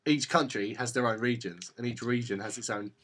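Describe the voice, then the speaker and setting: A man's voice: mid-range voice, brisk, fairly bright tone. A young man from Essex with an Essex English accent, rambling and laughing through a casual vlog chat as co-host. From Essex, England. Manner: rambling, laughs often, trails off.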